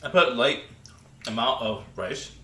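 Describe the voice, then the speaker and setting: A man's voice: medium pitch, a little slow, pushed and bright, roomy sound, a little hiss or hum. A man hosting a casual livestream from his home kitchen, eating and answering chat with many restarts and mumbled tasting sounds. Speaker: livestream host.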